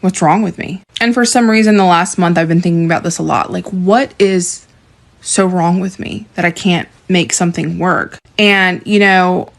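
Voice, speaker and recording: A woman's voice: fairly low pitch, moderate pace, creaky. A woman in her thirties talking candidly and emotionally in a confessional vlog. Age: 30s.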